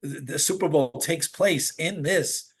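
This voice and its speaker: A man chatting as a guest, telling stories in an animated, rambling way with many restarts. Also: on the high side, measured pace, breathy edge. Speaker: podcast guest. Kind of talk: casual spiritual conversation.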